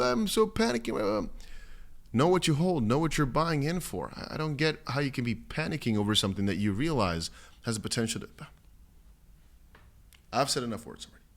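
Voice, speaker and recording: Male crypto vlog host, slightly low voice, strained and cracking, animated chatty delivery that mimics panicked viewers. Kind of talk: casual to-camera market update.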